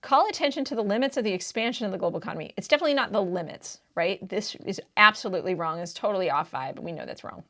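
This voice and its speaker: Gravelly-voiced woman tutoring test prep. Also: mid-range voice, expressive, quick pace, hardly any pauses, bright, forceful tone. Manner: emphatic, keeps checking in with "right?"; casual, slangy teaching talk. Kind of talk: explaining reading test answers.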